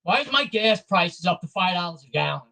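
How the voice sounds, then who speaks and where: A man speaks in a high register, rattling off repeated complaints in a blunt, heated way. His tone is bright and a little sharp, as in a solo rant recorded for his own channel. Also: expressive, a little fast, creaky, poor audio. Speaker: vlogger. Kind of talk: angry political rant to camera.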